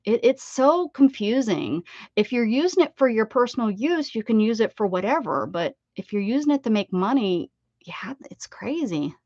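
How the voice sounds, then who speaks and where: A woman's voice: fairly high pitch, expressive, normal speed, darkish tone, no echo, highs cut off. A woman with an American accent hosting a casual craft livestream, rambling and greeting viewers from the chat with sing-song repeats. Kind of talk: casual chat with live chat readers.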